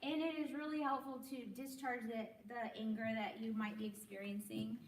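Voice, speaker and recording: A woman leading a group wellness class, explaining calmly and encouraging people to join the exercises. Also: on the high side, moderate pace, a little hiss or hum. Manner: encouraging, demonstrates loud shouts. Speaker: workshop leader. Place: room with a group. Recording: echoey room, from far off.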